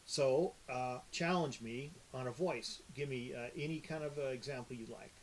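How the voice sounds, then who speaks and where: A man's voice: mid-range voice, moderate pace, a little hiss or hum. A man from the upper Midwest chatting casually as a podcast co-host, rambling and full of fillers. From upper Midwest United States. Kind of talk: casual chat.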